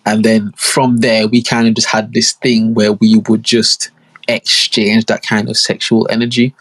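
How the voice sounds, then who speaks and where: This young podcast host speaks in a fairly low, slightly bright voice, a little slow and flat in delivery. Through a casual monologue he tells long, slangy, rambling stories, packing in asides and acting out quotes.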